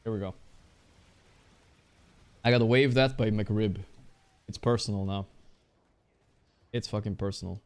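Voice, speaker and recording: A male streamer chatting casually while he plays, excitable and trash-talking, swearing often. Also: fairly low pitch, unhurried, pauses often, clean tone. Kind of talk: casual live-stream chat while playing.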